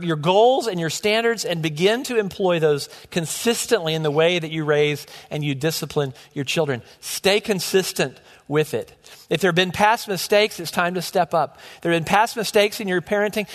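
A man's voice: high-pitched, fairly bright tone. A middle-aged man preaching a sermon as pastor, earnest and often restarting his words. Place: church sanctuary. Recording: long hall reverb.

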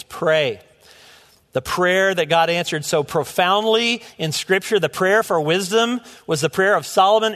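Middle-aged male pastor, earnest sermon, somewhat high voice, long church reverb. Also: a bit bright. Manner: earnest, with frequent restarts and repeated words. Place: church sanctuary.

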